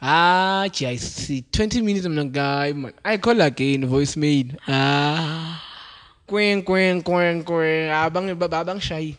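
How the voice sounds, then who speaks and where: A young South African man hosting a podcast, telling a story in a relaxed, animated way and laughing often. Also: a little high, a little slow. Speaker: podcast host. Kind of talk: casual storytelling chat.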